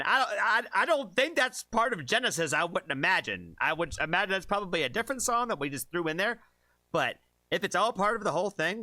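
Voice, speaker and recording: A man's voice: medium pitch, pushed and bright, dry recording. A man hosting a music reaction video, talking casually and enthusiastically in loose, rambling sentences. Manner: rambling, enthusiastic, stacks of "like" fillers.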